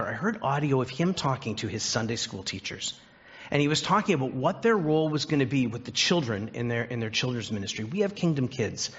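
Husky male pastor preaching earnestly. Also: a little high, muffled recording. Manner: earnest preaching, slowing on key phrases. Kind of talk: sermon.

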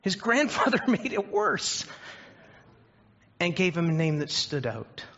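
A husky-voiced male pastor delivers his sermon with earnest, deliberate phrasing, lingering on the words he wants to land. The sound is dull and lo-fi, like a modest church recording. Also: high-pitched, big pitch swings, fairly bright tone. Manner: earnest preaching, slowing on key phrases.

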